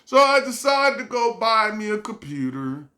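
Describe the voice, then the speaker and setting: Animated bright-voiced man telling a story. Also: high-pitched, moderate pace. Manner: animated, repetitive, stumbles over words. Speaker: vlogger. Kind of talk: storytime vlog, casual rant.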